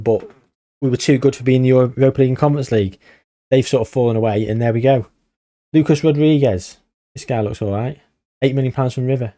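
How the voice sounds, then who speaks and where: Casting: male gaming commentator, mellow tone, dry close sound, grumbly and sarcastic. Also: medium pitch, dry recording. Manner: exasperated, grumbling, sarcastic asides. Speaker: gaming YouTuber. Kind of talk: casual game commentary.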